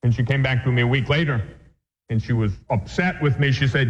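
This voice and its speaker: Earnest priest teaching catechism in an echoey hall. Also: male voice, medium pitch, brisk, background noise. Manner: earnest, explanatory, reads passages aloud then comments. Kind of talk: lecture-style religious teaching. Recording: dull lo-fi recording in a reverberant hall.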